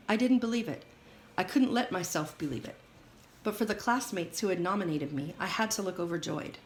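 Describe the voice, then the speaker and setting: Low-voiced woman reading a memoir. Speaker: audiobook reader. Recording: roomy echo, faint hiss.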